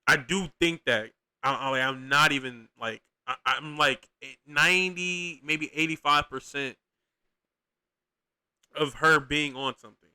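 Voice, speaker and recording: A man's voice: fairly high pitch, a little slow, bright, forceful tone, clean tone. A young man hosting a podcast, giving casual, profane, rambling reaction commentary with lots of slang and restarts. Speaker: podcast host reacting to clips.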